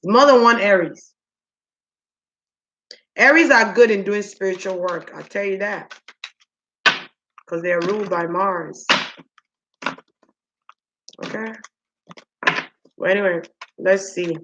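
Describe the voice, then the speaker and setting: Heard through very noisy audio with the highs cut off, a mid-range female voice delivers an informal spiritual reading. The reader thinks out loud in a drawn-out way, speaking straight to the spirits.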